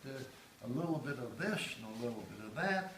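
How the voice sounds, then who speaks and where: A man's voice: medium pitch, animated, a little fast. A man giving a museum tour, explaining exhibits in a rambling way with many hesitations and restarts. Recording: echoey room, faint background noise.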